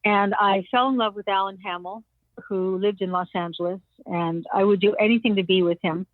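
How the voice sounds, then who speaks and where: A woman's voice: mid-range voice, fairly even intonation, brisk, no echo. An older woman as an interview guest, telling anecdotes animatedly and acting out the lines of others. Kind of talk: storytelling interview. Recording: dry tinny phone-like sound.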